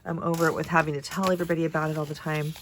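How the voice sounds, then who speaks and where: A woman's voice: low-pitched, little pitch movement, racing, a little hiss or hum. A woman in her forties, a first grade teacher, chatting casually through a paper craft tutorial, nasal and congested after a cold, thinking aloud as she measures and folds.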